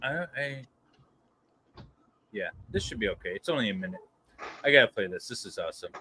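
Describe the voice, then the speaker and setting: A man's voice: lowish voice, expressive, brisk, sharp tone, breathy edge. A man co-hosting a casual livestream, teasing the others playfully. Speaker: co-host.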